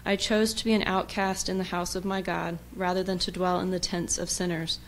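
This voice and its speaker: A woman reading psalms and hymns aloud at a church service in a measured liturgical way. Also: lowish voice, flat delivery, low-quality recording. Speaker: reader. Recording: church recording with faint noise.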